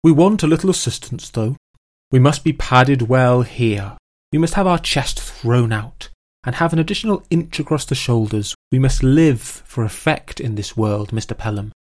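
A man's voice: mid-range voice, lively intonation, darkish tone, lightly acted. A man doing a fawning, solemn old-style tailor. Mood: coaxing. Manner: slow, solemn, coaxing. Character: fawning, insistent male London tailor.

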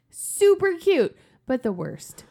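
A woman who is a hockey mom, chatting on a podcast and telling lively, exasperated stories with frequent laughter. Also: high-pitched. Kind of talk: casual chat, animated storytelling.

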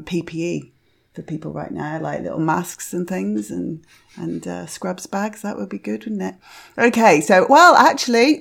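A middle-aged woman hosting a podcast, chatting in a rambling, self-deprecating way with quiet asides. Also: lowish voice, creaky. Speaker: podcast host. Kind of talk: casual chat reviewing cards.

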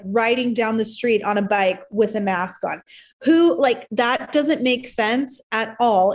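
A woman co-hosting a talk show, speaking quickly and emphatically with an exasperated tone. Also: fairly high pitch. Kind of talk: casual opinion chat.

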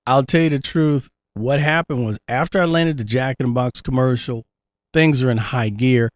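A man's voice: mid-range voice, normal speed, dry recording, muffled recording. A middle-aged man, a guest and former child actor, telling stories in a casual interview and acting out the voices in his quotes. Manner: animated storyteller, acts out voices in quotes.

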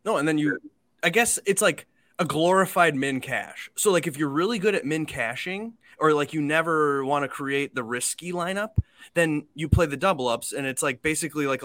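A man's voice: mid-range voice, a bit bright, dry recording. A man hosting a podcast in casual chat, rambling and talking through his thinking with plenty of fillers. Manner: chatty and rambling, lots of fillers. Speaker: podcast host.

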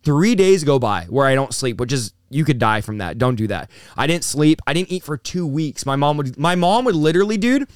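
A man's voice: fairly high pitch, smooth, no room sound, clean studio sound. A man in his thirties, a pastor, telling his story in a casual interview with lots of "dude" and "bro.". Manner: fast, excitable, says "dude" and "bro" a lot. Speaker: pastor and preacher being interviewed.

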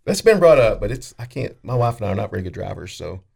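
A man's voice: fairly low pitch, sing-song, fast, creaky, darkish tone, husky. A man talking easily as a radio guest, rambling a little and laughing often. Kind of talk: casual chat.

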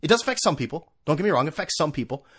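A man hosting his own podcast at home on a desk microphone, ranting casually with profanity and sarcasm, swinging between low mutters and loud outbursts. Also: big pitch swings, rapid-fire, a little hiss or hum. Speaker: podcast host. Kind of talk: casual solo podcast rant. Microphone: desk microphone with camera.

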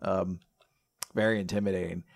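A man co-hosting a casual chat, animated, laughing often and acting out the quotes. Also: sits low, moderate pace, creaky. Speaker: podcast co-host.

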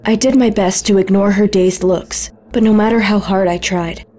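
A woman narrating a story in first person, gentle and intimate. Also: medium pitch, steady tone, moderate pace.

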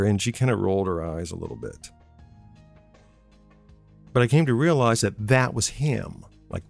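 A man's voice: deep voice, vocal fry. A man who once ran radio programming, telling a personal story in a conversational way and repeating phrases for emphasis. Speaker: former radio programming manager.

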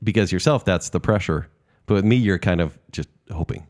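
Teasing man with a lowish voice. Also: a little mellow. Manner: teasing, quick comebacks. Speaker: podcast co-host. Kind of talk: casual podcast chat.

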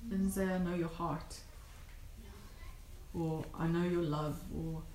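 Woman, flat low voice, commenting on scripture, echoey room, faint noise. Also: takes it slowly. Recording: distant, roomy, faint noise.

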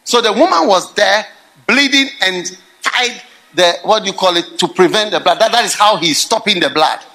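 A man preaching a sermon, telling stories and swinging between quiet musing and loud exclaiming. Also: high-pitched, lively intonation, moderate pace, low-quality recording. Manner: storytelling with acted quotes.

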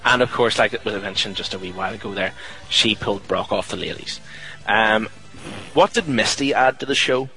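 A young man hosting a casual podcast chat, talking in a chatty, joking, rambling way with plenty of fillers. His voice sits a bit low. Faint music plays softly behind him. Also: fairly quick, rough recording. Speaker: podcast host.

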